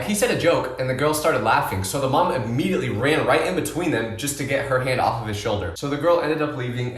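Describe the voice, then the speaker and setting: A man's voice: on the high side, a bit bright, echoey room. A young man telling comedic stories from his life, joking and tossing in exasperated asides. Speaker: storyteller. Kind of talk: comedic storytime narration.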